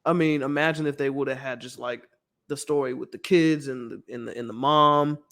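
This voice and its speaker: A man's voice: medium pitch, steady tone, normal speed, a bit bright. A man with a Southern American accent co-hosting a casual movie review podcast, rambling, laughing often and acting out scenes. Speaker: podcast co-host.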